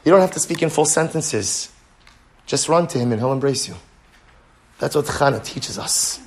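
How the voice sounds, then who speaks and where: A man's voice: medium pitch, expressive, normal speed, slight background noise. A man teaching a Torah class from a handout, earnest and repetitive, often asking "right?" and reading verses aloud before translating them.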